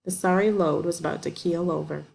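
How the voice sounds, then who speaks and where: Woman reading a story, steady and low. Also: a little fast, vocal fry. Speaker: audiobook reader. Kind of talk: scripted narration.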